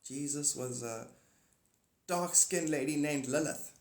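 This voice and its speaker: This livestream host has a somewhat high voice and speaks a little slowly, rambling in an animated way about spiritual topics while casually reading viewer comments. The sound comes from a phone in a room with noticeable echo.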